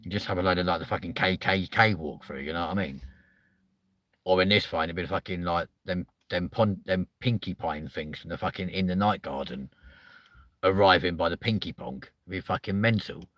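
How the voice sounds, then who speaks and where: A man's voice: sits low, normal speed, a bit bright, dry recording. A man hosting a comedy chat show, rambling and crude, with constant swearing. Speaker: host.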